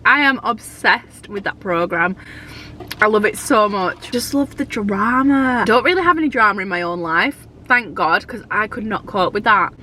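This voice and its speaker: A woman's voice: mid-range voice, expressive, moderate pace, bright, forceful tone, a little hiss or hum. A young woman, heavily pregnant, chatting casually and gushing in a vlog, with the odd swear. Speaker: vlogger.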